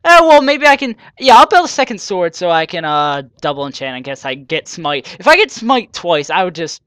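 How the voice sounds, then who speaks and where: A male gamer narrates his play in a loose, rambling way, often joking at his own expense. His voice is clear and resonant and swings widely up and down. The recording is close and dry, with no room sound. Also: high-pitched, sing-song, moderate pace, fairly bright tone, no room sound. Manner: rambling, self-mocking with joking asides. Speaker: gaming channel host. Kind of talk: let's play commentary.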